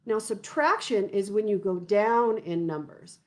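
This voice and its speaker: A woman leading a children's music lesson, counting and encouraging young viewers in a gentle way. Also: medium pitch, a little slow. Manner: gentle, encouraging, sings nursery songs. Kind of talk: singing and counting lesson for kids.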